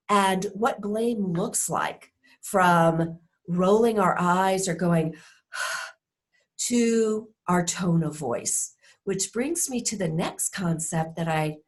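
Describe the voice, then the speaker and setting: A woman instructs in a recorded course, her pace slow and measured. She talks in a reflective way and often stops to ask the listener questions. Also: lowish voice.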